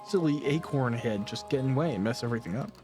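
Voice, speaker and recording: A man's voice: medium pitch, expressive, fast talker, over music, close to an everyday voice. Man voicing a haughty little masked tribal creature. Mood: boastful. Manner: broken pidgin speech, speaks of himself by name; haughty and dismissive. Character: boastful small male tribal masked creature.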